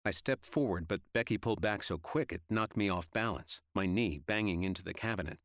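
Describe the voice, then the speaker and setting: Deep-voiced man reading an audiobook. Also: a little fast, hardly any pauses, a bit bright, no room sound, studio quality. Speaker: audiobook narrator. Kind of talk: scripted narration.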